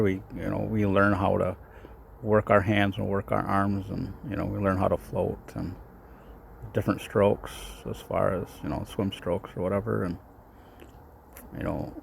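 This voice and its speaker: A man's voice: fairly low pitch, little pitch movement, moderate pace, gravelly, a little hiss or hum. A man giving a casual devotional talk outdoors in the cold. His voice is a bit shaky from the cold, and he rambles with lots of fillers. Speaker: faith vlogger.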